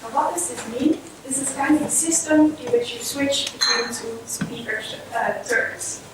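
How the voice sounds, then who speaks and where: A woman's voice: on the high side, a little slow. A woman researcher giving a conference presentation on child language, explaining steadily like a lecture. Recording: echoey hall, far from mic, noisy.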